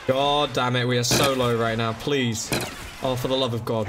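A young man commentating his game live, excitable, swearing and begging the game for help. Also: mid-range voice, normal speed, background noise. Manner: swears, begs and pleads under pressure. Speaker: gaming streamer. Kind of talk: frantic live gameplay commentary. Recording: loud game music behind. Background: game music.

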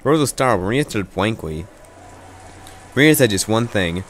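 A man narrates a fan reading of a visual novel and often stumbles over and repeats words. His voice is fairly low and rises and falls a lot. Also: lively intonation, normal speed, a little hiss or hum.

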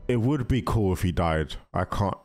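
A man hosting a casual movie reaction, chatty and excitable, talking straight to the characters on screen. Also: sits low, normal speed. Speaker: reaction video host.

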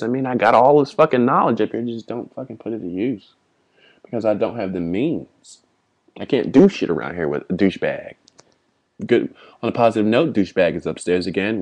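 Profane rambling young man, low voice. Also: darkish tone. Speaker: vlogger. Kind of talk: personal apology vlog.

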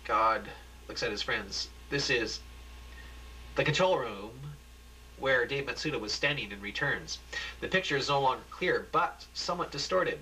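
A man reading his own thriller script aloud haltingly, with restarts and corrections. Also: mid-range voice, pushed and bright, a little hiss or hum, poor audio.

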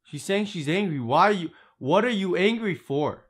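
Male reaction host, casual commentary, exasperated, bright forceful tone. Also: high-pitched, expressive, normal speed. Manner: exasperated, exclaiming, swearing.

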